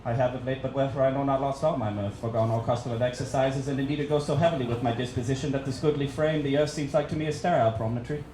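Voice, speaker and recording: A man's voice: medium pitch, steady tone, dark tone, voice pushed down, lightly acted. A man putting on a gloomy old-world poet. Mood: mournful. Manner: slow, theatrical, solemn declamation. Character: gloomy Elizabethan male poet declaiming grandly. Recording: echoey hall with audience noise.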